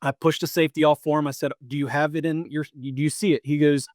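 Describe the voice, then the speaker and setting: A man's voice: fairly high pitch, little pitch movement, quick pace, hardly any pauses, darkish tone, dry recording, studio quality. A man in his thirties, a podcast co-host, casually telling a long hunting story with lots of restarts and repeats. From Pennsylvania or Maryland.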